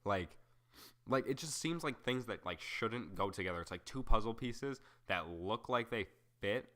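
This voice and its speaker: A young man runs a solo podcast in a fairly low voice with lively intonation, normal speed, and a sharp tone. He rambles, cracks jokes about himself, and keeps veering into tangents with plenty of fillers.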